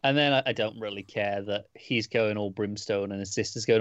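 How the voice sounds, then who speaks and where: A man's voice: fairly low pitch, steady tone, normal speed, dry recording, muffled recording. A man co-hosting a casual podcast, reviewing a comic book in a rambling, hesitant way with many restarts.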